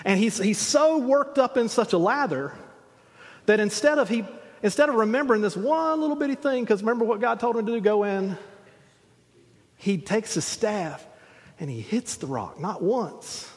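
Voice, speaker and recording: Preacher, male, high husky voice, folksy storytelling sermon, long hall reverb. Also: animated, a little slow, pauses often. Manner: retells scripture as vivid, conversational storytelling with frequent restarts.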